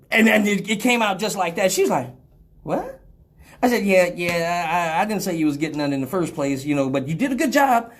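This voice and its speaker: A man hosting a live show, telling a story in casual, profane talk that swings from loud exclamations to low mutters. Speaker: radio show host.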